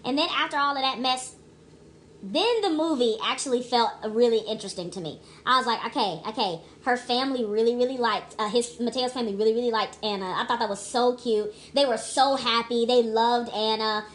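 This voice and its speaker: Young woman vlogger, slightly high voice, casual rambling review, emphatic and chatty, faint room hum. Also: fairly quick. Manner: chatty, emphatic, many restarts and asides.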